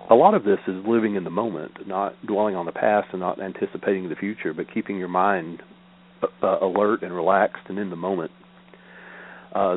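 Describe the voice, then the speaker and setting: A lowish older male voice reads scripture slowly and deliberately, with a steady repeating cadence and asides of commentary. The sound is thin and narrow, like a phone line. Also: slight background noise. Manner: measured, deliberate reading with a repetitive cadence. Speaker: meditation teacher. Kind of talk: reading scripture aloud with spoken commentary. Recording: narrow, tinny phone-like audio.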